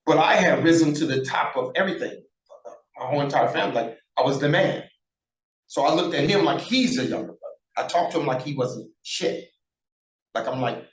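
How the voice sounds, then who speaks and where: A man's voice: fairly high pitch, brisk. A man in his sixties telling stories in a casual interview, bluntly and profanely, acting out the dialogue. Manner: animated, acts out quoted dialogue, blunt and profane. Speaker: interview guest, former prisoner. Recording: roomy echo.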